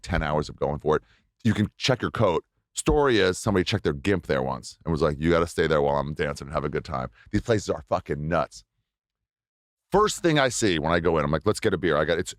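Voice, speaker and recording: Male comedian guest, very low voice, loose rambling anecdote, dry close sound. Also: dry recording. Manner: rambling, halting storytelling with restarts. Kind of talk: casual storytelling chat.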